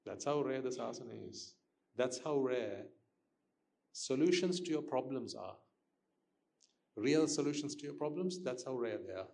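A man's voice: mid-range voice, lively intonation, a little slow, gravelly, pauses often, a little mellow. A man giving a Buddhist dharma talk to listeners, questioning them and repeating his points for emphasis. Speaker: Buddhist teacher.

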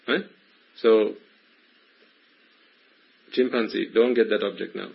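A man's voice: fairly low pitch, fairly even intonation, takes it slowly, vocal fry, long pauses, breathy edge, highs cut off. A man giving a Buddhist teaching to a small group, questioning his listeners in a playful, probing way. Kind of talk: Dhamma talk to a small group.

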